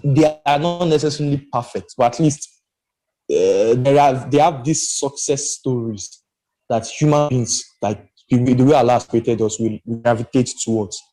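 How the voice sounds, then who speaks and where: Mellow man talking animatedly. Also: mid-range voice, normal speed, poor audio. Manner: animated and emphatic, rambling with restarts. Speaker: podcast panelist. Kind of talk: casual discussion.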